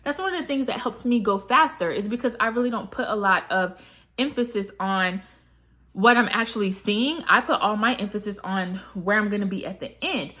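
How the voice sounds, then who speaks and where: A woman's voice: medium pitch, moderate pace, pushed and bright. A woman talking casually to camera as a manifestation coach. She asks many rhetorical questions and fills her talk with "like" and "you know".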